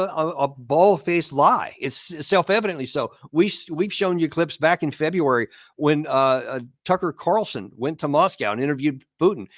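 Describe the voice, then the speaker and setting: A man's voice: a little high, no room sound, studio quality. Emphatic man commenting on politics. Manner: emphatic, repeats words when stressing a point. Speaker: host.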